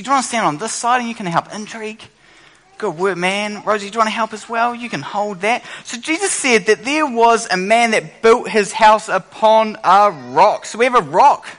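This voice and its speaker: A man with a high, bright, ringing voice runs a playful children's talk at church. He keeps the kids involved with games and cheers them on constantly. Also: low-quality recording. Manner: playful, encouraging, quick with praise. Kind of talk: lively kids' talk with audience games.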